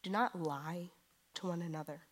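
Woman, thirties, sermon, conversational preacher, slightly low voice, quiet to emphatic. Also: normal speed.

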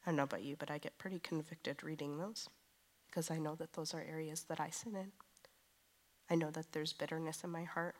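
Conversational woman preacher, low-pitched. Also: steady tone, fairly quick. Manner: conversational, moves from quiet confessional to emphatic. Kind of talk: sermon.

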